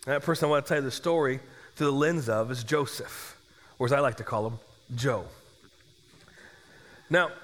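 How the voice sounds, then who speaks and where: Animated pastor in an echoing hall. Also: male voice, high voice. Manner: animated, comic storytelling with acted-out dialogue. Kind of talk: storytelling sermon. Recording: long echo of a large hall.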